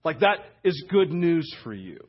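A man's voice: fairly high pitch, big pitch swings, a little slow, slightly rough, lo-fi sound. A man preaching a sermon as pastor in a conversational way, often checking in with the congregation. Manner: conversational preaching, frequent "right?" asides. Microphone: wireless church mic.

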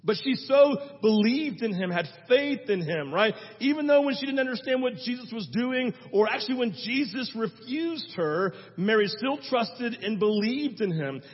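High-voiced husky pastor preaching in a hall. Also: male voice, moderate pace, few pauses. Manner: conversational, animated, tags lines with "right?". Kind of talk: sermon. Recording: dull sermon recording in a reverberant hall.

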